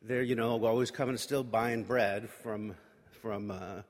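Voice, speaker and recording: A man's voice: lowish voice, fairly even intonation, measured pace. A man casually retelling a Bible story, full of fillers and voiced quotes for the characters. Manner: loose retelling with lots of fillers and acted-out quotes. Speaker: Bible teacher. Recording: long reverb from a large room.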